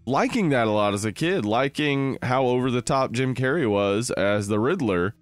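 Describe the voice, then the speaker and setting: Co-hosting a podcast, a man in his thirties rambles casually about films, full of "like"s and restarts. He speaks at a moderate pace in an animated, medium-pitched voice, with no echo and faint music in the background.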